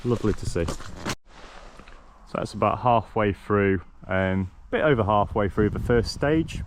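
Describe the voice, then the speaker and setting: A man's voice: on the low side, slow. Guy chatting on a hike, lots of ums, outdoors with a bit of rural background noise. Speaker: vlogger walking a long-distance trail. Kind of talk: casual walking vlog commentary.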